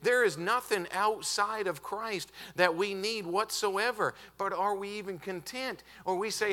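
A man preaching a revival sermon as a visiting preacher, emphatic and stretching out key words, building up to shouted peaks in a church auditorium. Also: high-pitched. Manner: emphatic, building to shouted climaxes with drawn-out stresses; often says "hey, listen" to the congregation.

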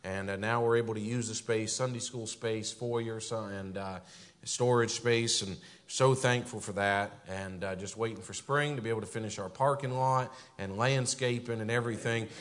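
A man, a visiting pastor from the northern United States, speaking from a church pulpit, filling his talk with "and, uh" and rising louder and higher when he exhorts. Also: steady tone, normal speed. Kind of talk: church pulpit greeting and testimony. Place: church sanctuary.

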